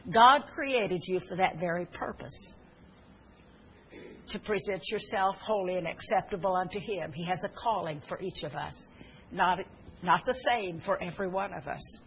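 A woman's voice: on the low side, moderate pace, a little hiss or hum, low-quality recording. A woman preaching a sermon, telling stories earnestly with fillers and restarts, and urging her listeners fervently.

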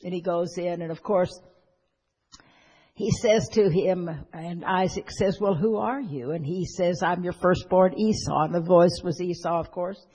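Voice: medium pitch, unhurried, a little mellow, breathy edge. A preacher retelling a Bible story in a sermon, folksy, with asides to the listeners. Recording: long hall reverb.

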